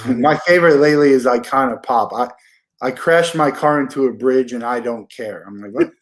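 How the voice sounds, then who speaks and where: A man's voice: medium pitch, moderate pace. A man in his forties hosting a podcast interview, talking in an easygoing, rambling way. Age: 40s. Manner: easygoing, rambling, with repeated words and fillers. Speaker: podcast host. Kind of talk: casual interview chat.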